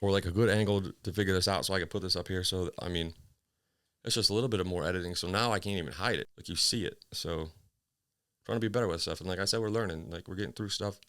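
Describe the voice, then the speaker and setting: A man's voice: low voice, fast, a bit bright, no echo, clean studio sound. A man, hosting a casual solo podcast from a small home office. He rambles, jokes at his own expense, swears freely and sounds a little out of breath. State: slightly out of breath. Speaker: podcast host.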